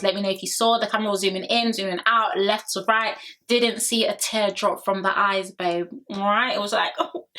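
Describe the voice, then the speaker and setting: Sassy woman, bright voice. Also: medium pitch. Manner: sassy, opinionated, addresses viewers directly. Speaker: reality TV recap vlogger. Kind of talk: casual chatty commentary.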